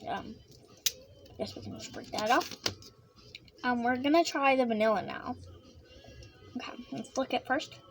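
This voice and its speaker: High-voiced excitable woman vlogger. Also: measured pace, pauses often, over music. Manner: excitable, giggly, chatty with fillers; talks with her mouth full while eating. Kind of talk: casual snack taste-test chat.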